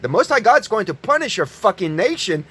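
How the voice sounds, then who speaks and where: A man giving an angry, profane religious rant, yelling at his listeners. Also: high-pitched, big pitch swings, brisk, breathy edge. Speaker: online preacher.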